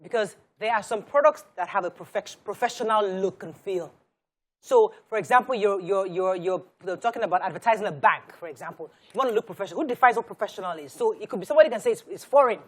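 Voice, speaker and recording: A woman hosting a TV panel, firing off probing questions and repeating words as she works out her point. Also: medium pitch. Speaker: TV host. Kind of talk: moderating a studio panel.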